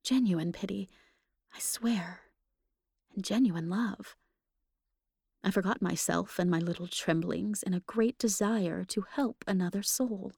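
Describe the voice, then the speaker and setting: A woman giving an expressive, emotional first-person reading of a ghost story for a podcast. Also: medium pitch, a little slow, creaky, pauses often, husky, no room sound, clean studio sound. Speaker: podcast reader.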